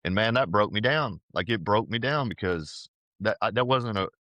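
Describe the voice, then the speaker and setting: A man's voice: lowish voice, animated, normal speed, a bit bright, no room sound. A man being interviewed on a podcast, telling a personal story in a casual, earnest way and often saying "dude" and "man". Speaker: podcast guest, powerlifter.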